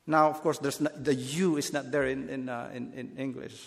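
A man's voice: medium pitch, flat delivery, normal speed, vocal fry, long reverb tail. A man preaching a Bible teaching sermon, earnest and explanatory, often restarting his phrases.

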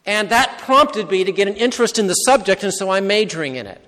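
A preacher voicing a casual college student. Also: male voice, high-pitched, expressive, fast talker, sharp tone. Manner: casual, explaining. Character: young male college student explaining his choice. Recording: long hall reverb.

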